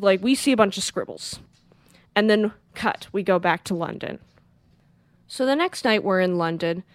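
A woman co-hosting a podcast, retelling a movie in lively casual chat and acting out the characters. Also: medium pitch, dry recording. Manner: animated retelling, acts out characters, swears freely. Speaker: podcast co-host. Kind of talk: casual film recap.

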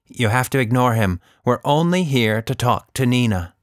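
A man voices a bold little toy monkey girl, pitching himself above his natural voice in a lightly acted, urgent performance. The medium-pitched delivery has lively intonation at a normal speed, recorded clean in a studio with no echo.

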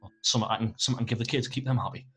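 A man's voice: mid-range voice, steady tone, racing, a bit bright, natural voice. A man voicing a weary, stammering middle-aged dad at a merch stand. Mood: hesitant. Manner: hesitant, stammering.

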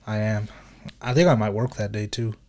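A man's voice: on the low side, moderate pace, darkish tone. Laid-back young man swearing casually. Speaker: podcast host. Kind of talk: casual chat.

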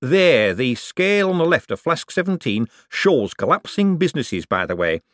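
A man voicing an eager, fussy little male bank economist who talks slowly and earnestly. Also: mid-range voice, very animated, fairly bright tone, dry recording, clean studio sound, voice pushed up.

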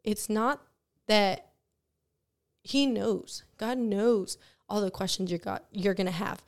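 A young woman hosting a Christian podcast, telling her personal testimony in an earnest, animated way with frequent laughs. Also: medium pitch, slow. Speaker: podcast host.

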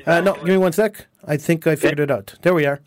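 A man's voice: a little high, quick pace, crowd noise. A man hosting a talk radio show, delivering an emphatic, indignant monologue and often repeating his words.

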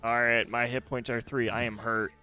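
A man's voice: mid-range voice, level tone, moderate pace, pushed and bright, clean tone, soft background music. Hesitant man playing a tabletop game. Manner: hesitant questions with fillers. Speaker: player. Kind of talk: casual tabletop play.

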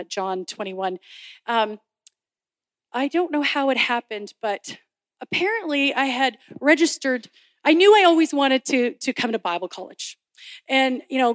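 A woman from Canada giving a lively personal testimony in a chapel sermon, acting out the voices of the people in her story. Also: high-pitched, dry recording, studio quality. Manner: laughs often while telling. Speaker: speaker at a Bible college chapel.

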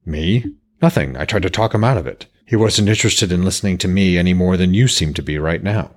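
Male reader voicing a gray-bearded old sage in a fantasy audiobook; deep, husky, stony and flat. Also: brisk. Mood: stern.

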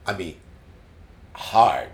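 An older man being interviewed as a musician, telling stories in an animated way and repeating words as he recalls them. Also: extremely slow. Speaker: guest musician. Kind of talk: casual storytelling interview. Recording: roomy echo.

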